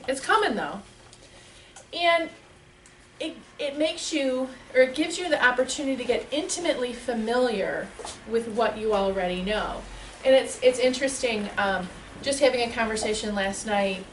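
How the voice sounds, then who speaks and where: A woman speaks to a small audience with an animated, chatty delivery and frequent laughter. Her voice sits at a middle pitch. It is heard from some distance in an echoey room with a faint hiss behind it. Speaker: spiritual teacher. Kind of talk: lively talk to a live audience.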